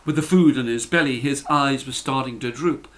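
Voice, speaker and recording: A man narrating a children's fairy tale in a deliberate, repetitive storytelling manner. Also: medium pitch, a bit bright.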